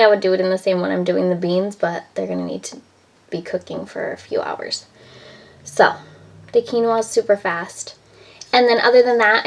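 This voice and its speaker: A woman's voice: mid-range voice, poor audio. Chatty woman rambling in her kitchen. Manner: chatty, rambling, heavy use of "like" and "um". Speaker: home cooking vlogger. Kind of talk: casual vlog chat. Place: home kitchen.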